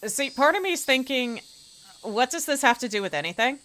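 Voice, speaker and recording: A woman streamer reading a visual novel aloud, keeping the narration even and breaking into casual, expressive asides. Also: sits high, fairly quick.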